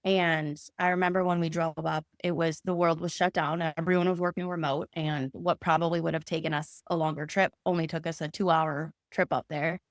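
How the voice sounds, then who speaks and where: A woman's voice: low voice, level tone, a little fast, few pauses, no echo, studio quality. A woman, a podcast guest, earnestly telling her personal story in conversation and acting out remembered dialogue.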